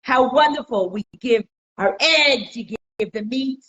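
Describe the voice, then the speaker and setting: A woman's voice: fairly high pitch, unhurried, fairly bright tone, lo-fi sound, voice pushed up. A woman voicing a smug little chicken in a joke told to a class, chirpy and self-satisfied.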